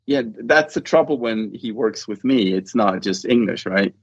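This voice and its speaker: A man's voice: on the low side, lively intonation, measured pace, hardly any pauses, no echo. A man, an author being interviewed, talking casually and rambling with lots of restarts. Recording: dull, dry lo-fi sound.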